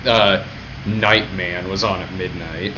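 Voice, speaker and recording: A man's voice: deep voice, slow. A young man hosting a livestream, chatting casually, laughing often and swearing freely. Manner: laughs often, profane, relaxed. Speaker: livestream host reading questions. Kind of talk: casual chat. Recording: echoey room, dull lo-fi sound, faint noise.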